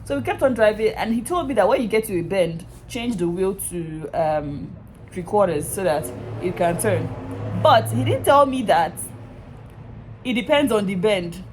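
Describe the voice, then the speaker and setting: A young woman from Nigeria with a Nigerian accent, casually telling a story to her vlog audience in an animated, exasperated way, speaking into a handheld phone at an outdoor bus stop. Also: medium pitch, normal speed, slight background noise, rough recording. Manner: animated, exasperated retelling with laughs. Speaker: vlogger.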